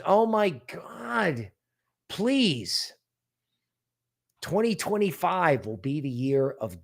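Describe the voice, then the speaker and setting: A man hosting a crypto livestream, talking casually and animatedly, often mocking other people's worries in quoted voices. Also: on the high side. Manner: animated, sarcastic, mock-quoting others.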